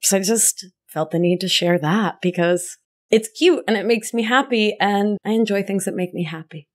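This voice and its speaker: Woman, podcast host, life coach, middle-pitched voice, affectionate, chatty, self-amused. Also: normal speed. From Argentina, raised in Rhode Island. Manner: affectionate, calls listener my love, laughs at herself. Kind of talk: warm conversational podcast monologue.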